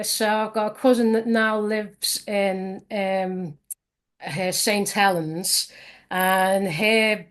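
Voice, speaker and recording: Woman, soft Scouse accent, lilting and chatty, guest in a relaxed interview. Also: mid-range voice. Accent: soft south Liverpool Scouse. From Liverpool, England. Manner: sing-songy, chatty, many fillers. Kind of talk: casual interview chat.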